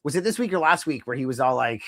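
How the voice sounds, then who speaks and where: Animated man with dry close sound. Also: mid-range voice, quick pace, no echo. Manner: animated, acts out wrestlers' lines in mimicking voices. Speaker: podcast co-host. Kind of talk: casual wrestling chat.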